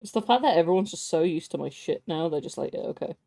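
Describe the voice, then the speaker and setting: A woman's voice: on the low side, expressive, fast talker, vocal fry, mellow. A woman streamer, chatting casually and laughing, slipping into silly voices when she tells stories.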